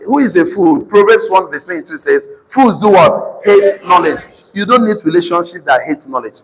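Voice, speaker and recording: A man with a Nigerian accent preaching to a live congregation, calling for responses and slowly repeating key lines for notes. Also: high voice, lively intonation, breathy edge. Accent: Nigerian English. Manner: sudden shouted emphasis. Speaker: motivational preacher. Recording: reverberant hall.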